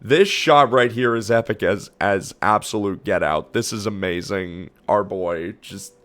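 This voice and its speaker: A man streaming, giving excited reaction commentary with loud gushing outbursts. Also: fairly low pitch, unhurried.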